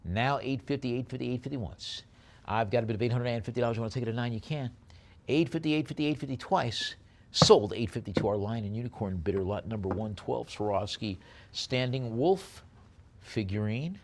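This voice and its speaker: A man calling a live auction, rattling off bids in a quick chant and slowing down to describe each lot. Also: medium pitch. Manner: rapid bid-calling chant alternating with slower item descriptions.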